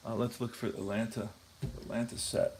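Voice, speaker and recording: A man's voice: lowish voice, level tone, normal speed, darkish tone, slight background noise. A man hosting a tabletop baseball replay, chatting casually and thinking aloud as he checks scorebooks. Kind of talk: casual talk while playing.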